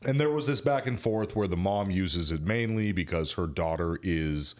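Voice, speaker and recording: A man co-hosting a car-industry podcast, telling work stories in a joking, animated way. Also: deep voice, normal speed. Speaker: podcast co-host, auto service worker. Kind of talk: casual podcast banter.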